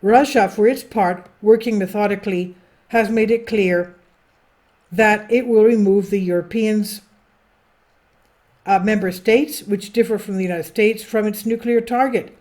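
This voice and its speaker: Brief: female host, mid-pitched, reads news commentary from a script, adds asides, trips on names. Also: unhurried, darkish tone. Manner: stumbles over foreign names. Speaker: political commentary channel host. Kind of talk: read-aloud news commentary.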